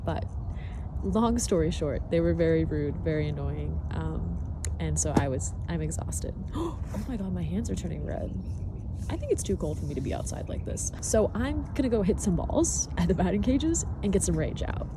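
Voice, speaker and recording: Out in cold woods, a young woman vlogger vents on a handheld phone, chatty and sarcastic, swearing frequently. Her lowish voice swings widely in pitch at a moderate pace, with background noise and faint outdoor ambience.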